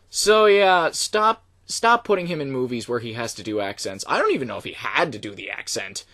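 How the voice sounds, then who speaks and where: With a medium-pitched voice at normal speed, a young man reviews a movie in a relaxed, opinionated way, griping energetically. He hesitates a lot, with plenty of ums and false starts, and the recording is dry.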